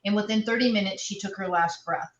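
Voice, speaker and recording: A woman's voice: medium pitch, fast talker, recorded from a distance, lo-fi sound, a little hiss or hum. Heartfelt woman in an echoey room. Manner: heartfelt storytelling. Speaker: panelist. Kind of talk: casual chat. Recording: echoey room, away from the mic.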